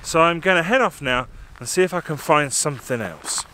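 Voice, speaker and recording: This outdoor vlog has the southern English landscape photographer and workshop host speaking to camera via a small on-camera microphone, wind blowing across the snowy hills. His voice runs on the high side, animated and brisk with a sharp tone. He chats away, making light, self-deprecating jokes.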